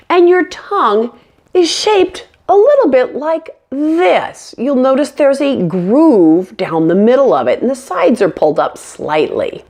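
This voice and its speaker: A woman gives an online pronunciation lesson at an unhurried pace. Her pitch moves a lot as she stresses syllables, and she models each word slowly and clearly for learners to copy. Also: darkish tone. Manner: slow, clear modeling of words for learners to repeat. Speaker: English pronunciation teacher. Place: indoors, on camera.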